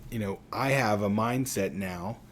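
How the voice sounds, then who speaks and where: Guy with a light pittsburgh accent lecturing casually, kinda low voice, um and uh a lot. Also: measured pace, slight background noise. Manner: casual, rambling with fillers. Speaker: psychology teacher. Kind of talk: recorded lecture.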